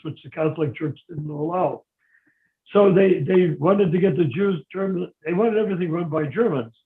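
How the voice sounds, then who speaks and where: American man, rambling storyteller, fairly high voice, tinny phone-like sound, echoey room. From United States. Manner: discursive, digressive storyteller. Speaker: guest answering questions. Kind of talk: live Q&A, long explanatory answers.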